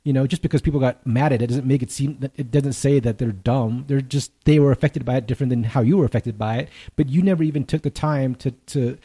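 A man's voice: mid-range voice, warm tone, slightly rough. A man co-hosting a podcast, ranting in casual, profane chat. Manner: ranting, profane, fast-talking. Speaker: podcast co-host.

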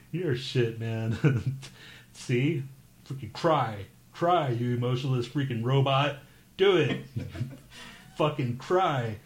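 A man's voice: mid-range voice, expressive, slow, long pauses, a little hiss or hum. A man co-hosting a podcast in crude casual banter, swearing and laughing often as he teases. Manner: profane, teasing, laughs often. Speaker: podcast co-host.

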